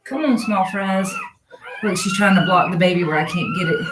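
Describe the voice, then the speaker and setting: A young woman, tired from being up all night, talking softly and coaxing her dog while giving casual running commentary at home. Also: medium pitch, huge pitch swings, normal speed, background noise. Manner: soft, coaxing talk to the dog. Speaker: pet rescuer filming her dog giving birth. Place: room at home with whelping dog. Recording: roomy, distant home recording.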